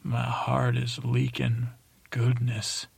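A man voicing a touchy female wildcat with giant teeth in a meandering bedtime story, speaking haltingly. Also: medium pitch, completely flat delivery, gravelly, a little mellow, husky, dry recording, full character voice. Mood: grumbling. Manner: halting, wandering speech. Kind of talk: sleep podcast storytelling.

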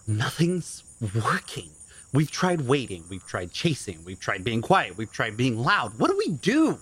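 A man's voice: mid-range voice, very animated, takes it slowly, a bit bright, husky, exaggerated voice. A man playing a bookish, overly formal scholar who speaks in precise, wordy sentences in an audio drama. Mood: exasperated.

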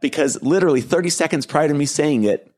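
A middle-aged man hosting a podcast, telling a reflective story in an earnest, gentle way with soft laughs. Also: on the high side, fast. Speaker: podcast host and keynote speaker.

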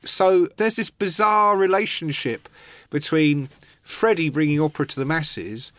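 A man's voice: a little high, a little slow, fairly bright tone, no echo, studio quality. A man co-hosting a music podcast, telling wry anecdotes in casual chat. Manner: wry, anecdotal, slips into voices for impressions. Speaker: podcast co-host.

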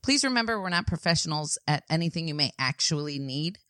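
A woman co-hosting a parenting podcast, teasing and chatty with soft asides. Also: low voice, animated, fast, no room sound, studio quality. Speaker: podcast co-host. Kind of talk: casual chat.

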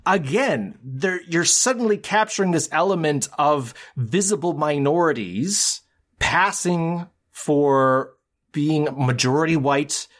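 A man's voice: fairly high pitch, lively intonation, slow pace, a bit bright. A man co-hosting a podcast in casual chat, recapping a plot in a heated, ranting way. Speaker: podcast co-host.

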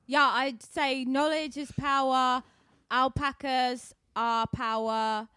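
A woman plays an earnest, scatterbrained lady animal behaviourist with a British accent, her voice set a touch high and smooth. She rambles along with odd confidence. The sound is dry and close. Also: level tone, takes it slowly, bright, forceful tone, dry recording, full character voice. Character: dotty female alpaca farmer and animal behaviourist. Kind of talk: improvised comedy character.

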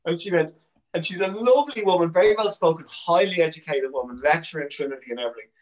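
Animated Irish man, fairly high voice. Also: quick pace, rough recording. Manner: animated storyteller, swears freely, restarts often. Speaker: guest comedian. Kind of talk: candid podcast chat.

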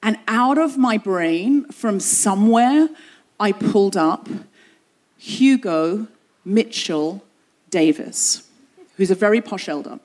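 Brief: woman host, live comic storytelling, animated and self-mocking, mid-pitched voice. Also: slow pace. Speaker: podcast host. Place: open-air theatre stage.

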